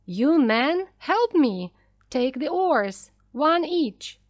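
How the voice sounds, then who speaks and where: A woman's voice: fairly high pitch, expressive, takes it slowly, no echo, clean studio sound. A woman reading the lines of a stern, brave lighthouse keeper and father, in a firm, commanding way.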